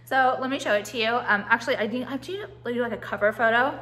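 A young woman with a bright, sharp voice pitched a little high chats to her phone camera at home. She swears freely and piles up "like" and restarts. Her talk is loose, opinionated and unscripted. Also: fast talker. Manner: chatty, profane, full of "like" and restarts. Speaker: vlogger. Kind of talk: casual vlog chat. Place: at home, walking through rooms.

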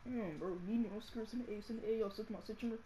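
A male gaming channel host giving casual gameplay commentary and ranting, saying "bro" and "y'all" constantly and swinging from mumbles to shouts. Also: sits high, steady tone, racing, slight background noise. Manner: slangy, fills nearly every phrase with "bro" and "y'all".

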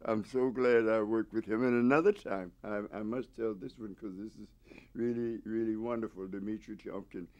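Speaking at normal speed in a fairly low, steady and slightly mellow voice, a man in his nineties rambles through old memories for an interviewer at his home. He keeps restarting and chuckling, and the audio sounds dull.

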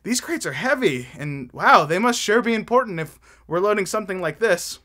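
A man's voice: sits high, expressive, normal speed, pushed and bright. A man voicing an anxious male semi-truck in a kids' church story, worried and full of questions. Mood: curious.

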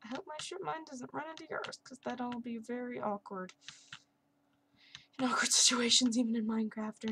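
A woman's voice: a little high, background noise. A young woman casually commenting over her Minecraft gameplay, chatty and sarcastic with self-mocking asides. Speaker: gaming channel host. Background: keyboard and mouse clicks.

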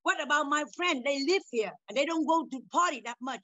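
A woman's voice: high voice, brisk, pushed and bright, no echo, lo-fi sound. An older woman talking heatedly with her daughter in broken, repetitive non-native English, confronting her. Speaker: mother in a family talk show. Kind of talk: heated family conversation.

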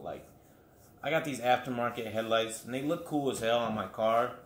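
Dude rambling on his solo podcast at home, swears a lot, tons of like and you know, roomy echo. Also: fairly low pitch. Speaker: podcast host. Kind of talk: casual solo podcast monologue. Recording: echoey room with faint background noise.

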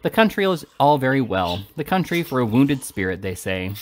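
A man's voice: mid-range voice, big pitch swings, moderate pace, a little hiss or hum, natural voice. A man doing a meek Victorian husband. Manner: meek and placating. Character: timid, apologetic middle-aged Victorian husband.

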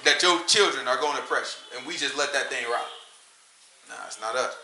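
A man preaching a sermon. He talks in a lively, conversational way and often breaks into shouts. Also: mid-range voice, brisk, reverberant, slight background noise, rough recording.

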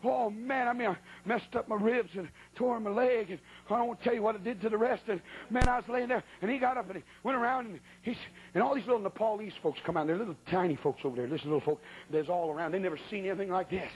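A man's voice: high-pitched, quick pace, few pauses, husky, muffled recording. A man preaching a sermon who tells a funny story about his own misfortunes in a folksy, colloquial way with sudden exclamations.

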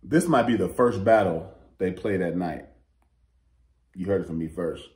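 A man giving casual, excitable battle rap commentary, rambling and slangy. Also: deep voice, normal speed.

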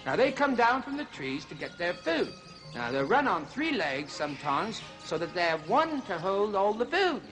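A man's voice: high voice, sing-song, moderate pace, music in the background. A man playing a zany zoo-show host who lectures about animals in a folksy way. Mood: chirpy lecture. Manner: folksy lecturing, "you see", "mate".

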